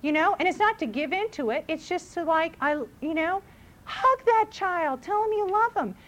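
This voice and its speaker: A woman's voice: very high-pitched, lively intonation, fairly quick. A middle-aged mother giving casual parenting advice, chatty, who acts out what people say. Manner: chatty, acts out voices in quotes.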